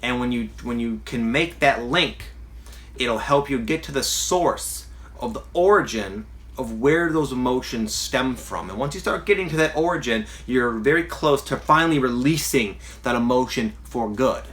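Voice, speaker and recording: A man's voice: medium pitch, lively intonation, moderate pace, fairly bright tone. A man giving a casual self-help talk as a spiritual coach, earnest and rambling, with frequent restarts.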